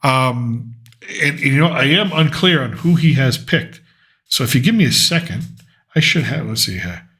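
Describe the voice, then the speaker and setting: A man's voice: medium pitch, expressive, moderate pace, pushed and bright. A man hosting a casual political commentary show, thinking aloud and rambling as he reads through lists. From United States.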